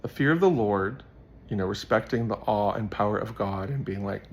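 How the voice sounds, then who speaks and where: A man with a lowish, brisk voice hosts his own show, offering casual commentary on a Bible verse. He rambles as he thinks aloud.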